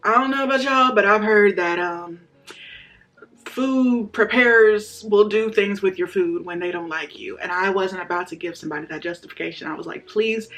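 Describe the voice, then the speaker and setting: A woman's voice: mid-range voice, normal speed, fairly bright tone. A young woman telling a personal story in a casual, chatty way, speaking straight to her viewers and acting out what people said. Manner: chatty, addresses viewers directly, acts out quotes. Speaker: vlogger sharing a testimony.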